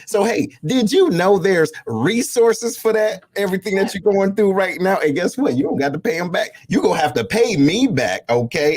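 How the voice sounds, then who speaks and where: A husky-voiced man hosts a casual talk show. He talks in a lively, sing-song way, with a slightly high voice for a man. He is slangy and preachy and keeps calling out to his listeners. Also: moderate pace, hardly any pauses. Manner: animated, preachy, slangy, fond of calls to the audience. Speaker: show host.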